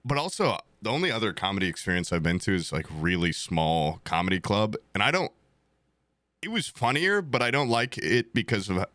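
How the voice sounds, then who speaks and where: Young male co-host, bright, lively delivery, dry close-miked sound, casual storyteller. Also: lowish voice, brisk, no echo. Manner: animated storyteller, acts out quotes in exaggerated voices. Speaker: podcast co-host. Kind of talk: casual chat.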